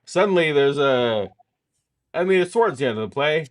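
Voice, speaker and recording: A man's voice: a little high, lively intonation, normal speed. A middle-aged man co-hosting a casual chat, telling a long self-deprecating story full of restarts. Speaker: podcast co-host.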